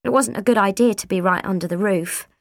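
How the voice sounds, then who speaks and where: A woman narrating an audiobook, with expressive voices for each character. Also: medium pitch, fast talker, no room sound, studio quality.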